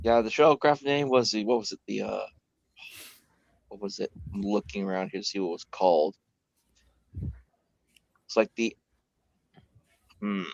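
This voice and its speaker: A man's voice: on the low side, steady tone, normal speed, vocal fry, pauses often, dry recording. A man running a tabletop role-playing game, rambling and laughing often, on a dull lo-fi recording. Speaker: game master. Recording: dull lo-fi dry sound.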